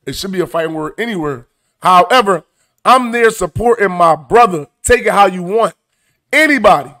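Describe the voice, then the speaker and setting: A man hosting a comedic news commentary show, animated, profane and mocking as he reacts to clips. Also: sits high, moderate pace.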